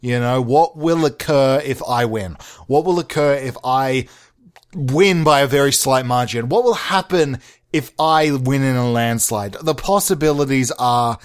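A man's voice: medium pitch, unhurried, clean tone. A man hosting a comedy podcast, delivering rambling, profane, mock-outraged rants. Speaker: podcast host.

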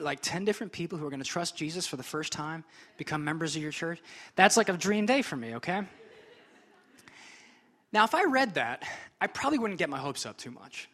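Casual preaching man, slightly high voice. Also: fairly bright tone. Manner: casual, conversational preaching with frequent asides. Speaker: pastor. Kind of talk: sermon.

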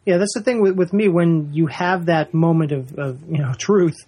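A man's voice: a little high, normal speed, dark tone, breathy edge. A man in a casual talk, speaking earnestly and reflectively. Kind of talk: casual chat.

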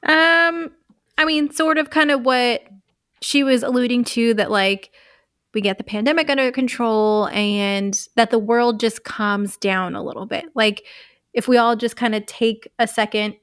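A woman co-hosting a casual talk show, speaking plainly and in a relaxed way. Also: on the high side, unhurried, smooth, no echo, clean studio sound. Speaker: co-host. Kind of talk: casual podcast chat.

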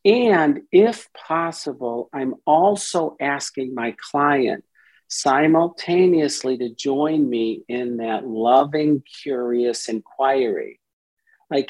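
A middle-aged man, a therapist guest on a podcast, explaining his work in an animated way and acting out inner voices. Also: fairly high pitch, takes it slowly, husky.

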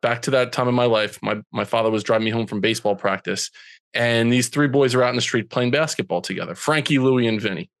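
A man's voice: mid-range voice, dry recording. Earnest man in his forties, dry sound. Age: 40s. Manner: earnest, slow and emotional when recalling hurt. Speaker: guest. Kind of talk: personal storytelling in a podcast interview.

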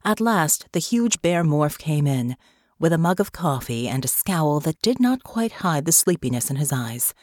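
A woman reading an audiobook in a measured, even storytelling voice. Her pitch sits low for a woman, and the recording is dry and close with no room sound. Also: no echo. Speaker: audiobook narrator. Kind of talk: scripted audiobook narration.

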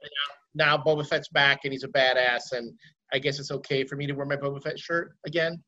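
A man's voice: medium pitch, fairly even intonation, brisk, sharp tone. A man co-hosting a casual chat, rambling and swearing freely. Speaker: podcast co-host. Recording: dull lo-fi sound.

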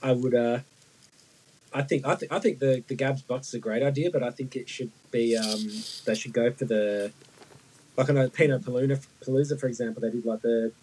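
A man's voice: mid-range voice, fairly even intonation, a little fast, dark tone, a little hiss or hum, rough recording. A man in casual chat, joking and restarting his sentences.

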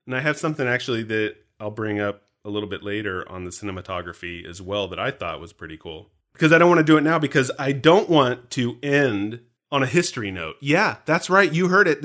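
Bright-voiced male co-host, playful movie-trivia banter. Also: medium pitch. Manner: joking, animated, teasing. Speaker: podcast co-host. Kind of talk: casual movie commentary chat.

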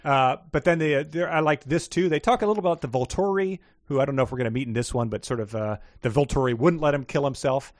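A male co-host in a casual chat, wry and quick to joke. His voice is mid-pitched and recorded dry and close, with no room sound. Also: no room sound. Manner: wry, joking, chatty. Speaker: podcast co-host. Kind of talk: casual book discussion.

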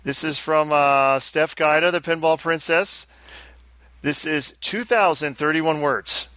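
A man hosts a casual podcast and reads listener mail into a headset mic. His voice is fairly high and very bright, recorded dry and close. He jokes and laughs as he goes. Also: measured pace, clean tone, no echo. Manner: animated, laughs often, jokey. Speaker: podcast co-host. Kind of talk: casual podcast chat, reading listener emails.

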